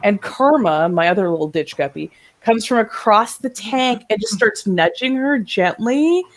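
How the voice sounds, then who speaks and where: A woman's voice: medium pitch, expressive, moderate pace. A woman co-hosting a casual chat, telling a story animatedly, acting out voices and laughing often, heard over a video call. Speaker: podcast co-host.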